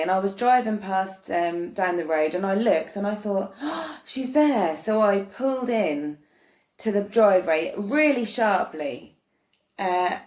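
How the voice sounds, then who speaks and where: A woman talks earnestly to camera about spiritual matters, wandering from thought to thought and restarting her sentences. Her voice sits at an ordinary middle pitch. The room around her gives the sound a noticeable echo. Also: a little mellow. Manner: earnest, meandering, many restarts. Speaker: spiritual vlogger. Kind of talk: casual spoken explanation to camera. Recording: roomy echo.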